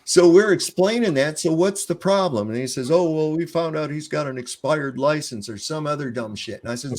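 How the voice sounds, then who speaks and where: Speaking at a normal speed with few pauses, a middle-aged man with a fairly high, darkish voice recounts a confrontation in casual talk. He's profane and defiant, voicing both sides of the exchanges himself.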